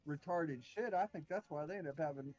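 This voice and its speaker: A man talks in loose, profane, drawling chat, his voice sitting a touch high for a man. The sound is dull and low-fi, with faint music playing underneath. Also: fairly quick, a little mellow. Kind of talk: casual chat.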